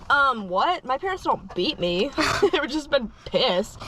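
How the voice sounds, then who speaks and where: A woman in her twenties telling animated, laughing stories in a car, acting out the quotes. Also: high-pitched, moderate pace, few pauses, background noise. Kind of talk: casual storytelling. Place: inside a car. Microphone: phone camera.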